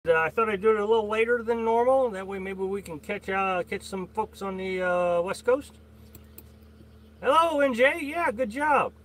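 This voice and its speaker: A man's voice: high voice, a bit bright. A middle-aged man hosting a casual live stream, rambling with many fillers and greeting viewers by name as he reads their comments. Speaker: livestream host.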